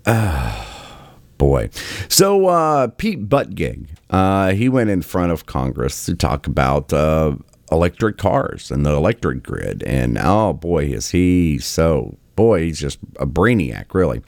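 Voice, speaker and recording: Male host, deep voice, lively swings, sarcastic riffing, dry close mic. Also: slow, creaky, no room sound. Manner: sarcastic, exasperated, mocking. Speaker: political commentary host. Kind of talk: casual commentary over clips.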